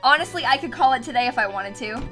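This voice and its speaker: A woman's voice: sits high, animated, fast, bright, forceful tone, soft background music. A young woman streaming a game, chatting casually, giggling often and pleading with the game. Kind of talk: casual live-stream chat while gaming.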